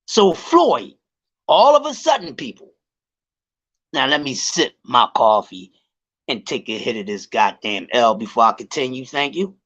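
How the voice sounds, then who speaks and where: A man's voice: mid-range voice, sing-song, measured pace, a bit bright, dull audio. A man ranting on a casual livestream about boxing, profane and heated, often stretching and repeating words as he builds his point. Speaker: boxing commentary vlogger.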